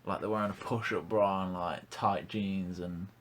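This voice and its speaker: A man's voice: deep voice, steady tone, moderate pace. Blunt young man ranting. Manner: blunt, ranting, swears freely. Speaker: podcast host. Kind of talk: casual podcast chat.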